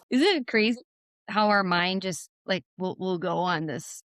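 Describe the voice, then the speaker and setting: A woman's voice: fairly low pitch, slow pace, no room sound. A woman hosting a podcast interview in a conversational way, often acting out quotes in a raised voice. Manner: animated, acts out quotes in a raised voice. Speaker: podcast host.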